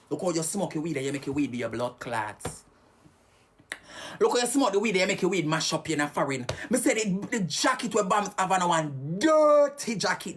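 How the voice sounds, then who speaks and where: A woman's voice: fairly low pitch, expressive, fairly quick, breathy edge. A Jamaican woman ranting heatedly and cursing on a live stream.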